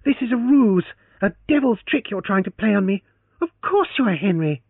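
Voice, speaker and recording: Casting: man doing a high-pitched spitfire young woman, storybook reading, tinny dry recording. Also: lively intonation, moderate pace, slightly rough, dry recording, heavily acted. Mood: angry. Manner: flashing, accusing, then faltering. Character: fiery proud young woman, quick to anger.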